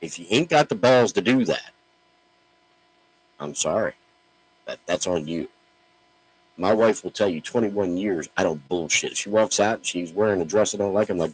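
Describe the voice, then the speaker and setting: A man's voice: low voice, normal speed, long pauses, slightly rough, poor audio. A middle-aged man ranting bluntly to camera, profane and brash, often stammering on the first words of a sentence. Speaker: online wrestling promo talker. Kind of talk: blunt direct-to-camera rant.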